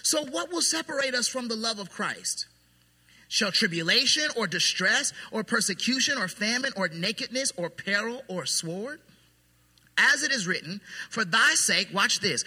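Emphatic preaching man, bright and reverberant. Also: very high voice, animated, normal speed, slightly rough. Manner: emphatic preaching that drops to soft, hushed intensity. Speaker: pastor. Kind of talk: sermon. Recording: long hall reverb.

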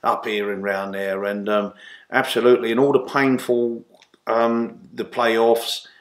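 A man, a guest in an interview, telling long animated anecdotes full of restarts and fillers. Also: mid-range voice, measured pace. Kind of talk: casual storytelling interview. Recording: roomy echo.

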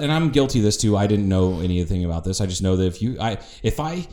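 A man's voice: lowish voice, lively intonation, fast talker, hardly any pauses, warm tone. A man from the northern United States co-hosting a podcast in casual chat, rambling through tangents and swearing freely. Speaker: podcast co-host. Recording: roomy echo.

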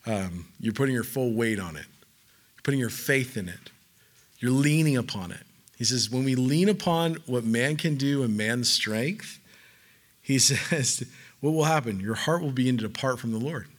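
A man preaching a casual, conversational sermon, animated and loose, with filler words and playful asides. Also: mid-range voice, moderate pace. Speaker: pastor.

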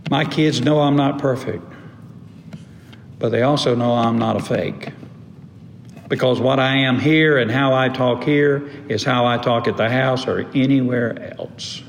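A middle-aged man preaching a sermon as a pastor, emphatic, with long pauses and sudden drops to a low voice. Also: gravelly, slight background noise. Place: church sanctuary. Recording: echoey hall, faint room ambience.

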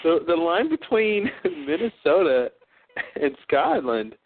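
A man's voice: on the high side, sing-song, slow. A man chatting casually and joking, laughing often as he tries out accents. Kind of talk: casual chat. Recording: tinny phone-like sound.

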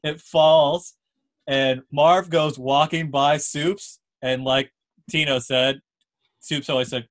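A young man hosting a casual chat, telling a lively story and checking in with "right?" and "dude". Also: fairly high pitch, slow.

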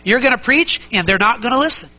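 A man's voice: extremely high pitch, animated, quick pace, sharp tone, low-quality recording. A man preaching a sermon as pastor, conversational and emphatic, asking the congregation many rhetorical questions and repeating key phrases.

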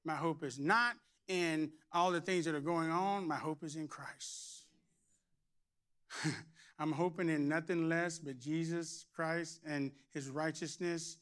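A middle-aged pastor preaches with energy and humor, sometimes breaking into shouts. His voice sits high for a man and has a bright edge. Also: steady tone, slow, clean tone. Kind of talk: sermon.

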